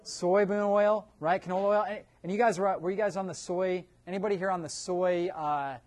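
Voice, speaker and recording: A man's voice: sits high, fairly even intonation, brisk, darkish tone. Man lecturing a room, tagging "right?". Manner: keeps checking in with a tag "right?"; quizzes the audience with questions. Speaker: nutrition seminar presenter. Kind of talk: live seminar talk to an audience. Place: room with a live audience.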